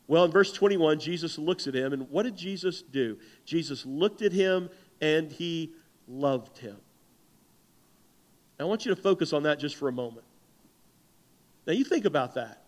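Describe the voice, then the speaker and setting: A pastor delivering a lively sermon, his voice sitting high for a man. The words ring out with a long reverb, as from a large church hall. He preaches in an animated, conversational way. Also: normal speed, pauses often.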